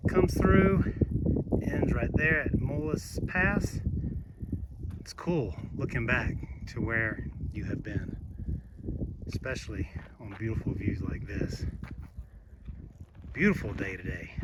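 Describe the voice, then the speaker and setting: A man with a Southern US accent talking casually to camera on a mountain trail, chatty and halting with fillers, sometimes out of breath. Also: medium pitch, heavy background noise. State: out of breath on climbs. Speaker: hiker vlogger.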